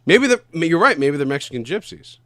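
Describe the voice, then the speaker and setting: A male podcast co-host keeps up loose, rambling casual chatter, swearing often and losing track of names. His voice is a little high, very animated, a little fast, and a bit bright, with a dry, close sound and no room echo.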